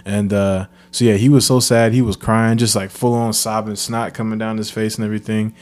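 A man, co-hosting a podcast and telling a childhood story in a casual, animated way. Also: fairly low pitch, fairly quick. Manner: animated storyteller, acts out quoted voices. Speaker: podcast co-host.

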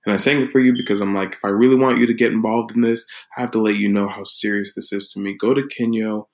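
Gravelly low-voiced man, rambling vlog. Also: fairly even intonation, fast, rough recording. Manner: loose, rambling and reflective, with many fillers. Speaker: host of his own channel and podcast. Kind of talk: casual live-streamed vlog talk.

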